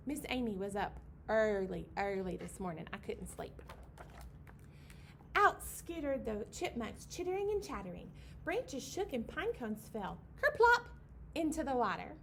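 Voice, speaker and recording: A young woman reads a picture book to babies at a library storytime. Her voice sits high and swoops up and down in a bouncy sing-song as she acts out the animal noises. A faint hum of room noise lies underneath. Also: big pitch swings, a little slow, gravelly, a bit bright. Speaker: children's librarian leading storytime.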